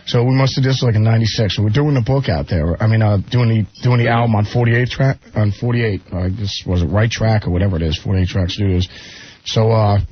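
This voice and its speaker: A man telling rambling, animated anecdotes as a radio guest, often slipping into quoted voices. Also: lowish voice, a little fast. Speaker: guest musician. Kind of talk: casual storytelling on radio. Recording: muffled radio broadcast with faint hiss.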